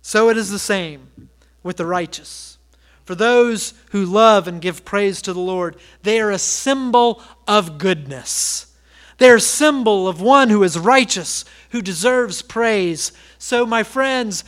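A man's voice: high-pitched, slow pace, fairly bright tone. A man preaching a sermon as pastor, telling a story and repeating emphatic calls to his listeners. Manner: emphatic, repetitive exhortations, storytelling.

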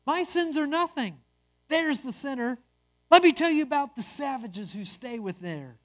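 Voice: high voice, lively intonation, moderate pace, voice pushed up. A reader doing a self-righteous tattling brother. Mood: accusing. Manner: eager and accusing. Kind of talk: storytelling.

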